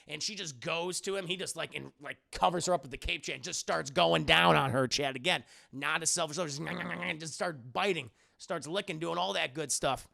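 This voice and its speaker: A man's voice: on the high side, gravelly, sharp tone. A man casually retelling a horror film for a spoiler review, swearing and joking as he goes. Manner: profane, jokey retelling.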